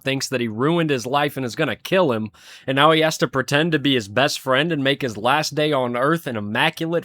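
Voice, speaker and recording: A man's voice: medium pitch, fairly bright tone, dry recording. A young man casually ranking cartoon episodes, rambling and swearing freely with frequent chuckles. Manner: rambling, profane, chuckles often. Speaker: show reviewer. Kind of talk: casual commentary.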